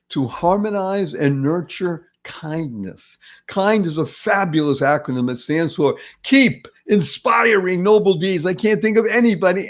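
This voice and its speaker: A man's voice: sits high, expressive, moderate pace. A man hosting a motivational podcast, talking with enthusiasm and acting out little everyday scenes. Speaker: podcast host. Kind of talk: upbeat motivational podcast talk.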